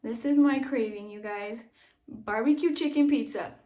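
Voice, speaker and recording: Young woman, high voice, breathless, chatty and rambling, casual vlog at home. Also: moderate pace, dark tone. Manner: chatty and rambling, many fillers. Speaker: vlogger. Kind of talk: casual chat to camera. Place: home nursery, indoors.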